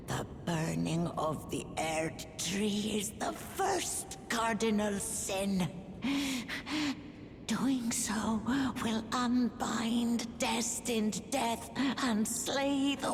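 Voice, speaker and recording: An actress voicing a mysterious, solemn young woman who gives warnings in video game dialogue, speaking in a hushed, grave, partly whispered way. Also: fairly high pitch, extremely slow, gravelly, music in the background, full character voice. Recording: reverberant game audio with noise.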